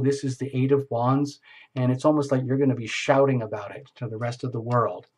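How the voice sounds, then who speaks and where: A man's voice: mid-range voice, fairly even intonation, brisk, darkish tone. A man giving a solo tarot reading, enthusiastic and rambling, often repeating his phrases. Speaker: tarot reader.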